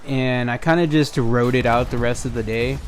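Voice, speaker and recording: With slight background noise behind him, a young man speaks at normal speed in a medium pitch. Hosting a storytime video over gameplay, he retells the tale casually but with animation, acting out what people said and swearing frequently.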